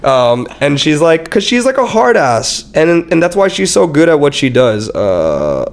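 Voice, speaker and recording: A man's voice: fairly high pitch, measured pace. A young man, a startup founder on a podcast, chatting casually and acting out what people said to him, with plenty of swearing. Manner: animated storyteller who acts out quotes with lots of swearing. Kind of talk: casual interview chat.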